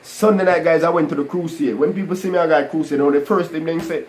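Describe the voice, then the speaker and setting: A man telling a personal testimony to a live online audience, animated and full of "guys" and "you know". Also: on the high side, fast, hardly any pauses, a little hiss or hum, poor audio. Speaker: livestream host telling his testimony.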